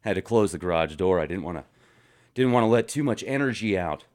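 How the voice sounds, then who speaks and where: A man's voice: sits low, animated, fairly quick, a little mellow. A man hosting a comedic vlog from his garage, reading viewer comments in a playful, sarcastic manner. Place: home garage.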